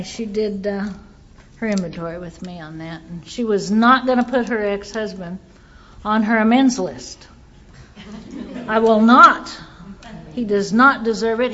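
A woman's voice: mid-range voice, moderate pace, lo-fi sound, a little hiss or hum. Earnest woman telling a recovery story. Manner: earnest storytelling, quotes others in dialogue. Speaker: recovery speaker sharing her story. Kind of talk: personal testimony talk.

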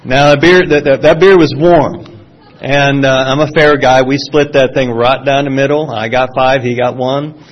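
A middle-aged man from Florida with a Southern accent gives a personal testimony to a live audience, his voice pitched at an ordinary middle. He tells the story in a folksy, self-deprecating way, restarting his phrases often. The recording sounds somewhat dull and lo-fi. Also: steady tone, moderate pace, a little hiss or hum. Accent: Southern American. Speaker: speaker sharing a recovery testimony.

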